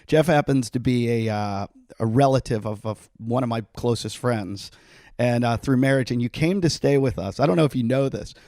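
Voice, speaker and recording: A middle-aged man hosting a podcast, telling a story in a casual, animated way and laughing often. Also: mid-range voice, normal speed, no room sound, clean studio sound. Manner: animated, laughing, acts out quotes. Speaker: podcast host.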